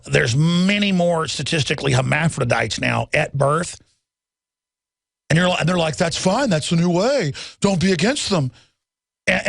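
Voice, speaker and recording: Male talk radio host, raspy and gravelly, higher-pitched, rambling heated monologue. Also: a bit bright, no room sound, studio quality. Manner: rambling and heated, many fillers and restarts.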